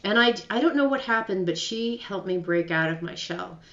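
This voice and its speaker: A woman's voice: medium pitch, expressive, moderate pace, a bit bright. A woman hosting a radio show, interviewing a guest in an effusive, emotional way and laughing while she talks. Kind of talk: interview, casual chat. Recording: roomy, slightly dull sound.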